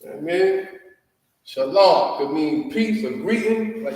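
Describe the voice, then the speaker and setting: A man's voice: fairly high pitch, expressive, slow, pauses often, a little mellow, distant mic. Drawling man teaching in an echoey hall. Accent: Southern US. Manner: drawling, repeats words, asks "you know what I mean?". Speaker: class teacher. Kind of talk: language lesson at a whiteboard.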